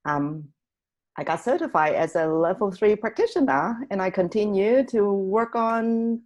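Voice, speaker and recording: Woman, storytelling guest, animated, laughs often, voices the people she quotes. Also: mid-range voice, unhurried. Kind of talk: personal storytelling on a talk show.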